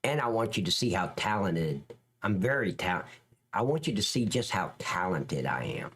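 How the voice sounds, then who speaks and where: A man's voice: sits low, very animated, normal speed, a bit bright, husky. A middle-aged man hosting a live stream, reacting to police videos and joking with his chat in a rambling, teasing way.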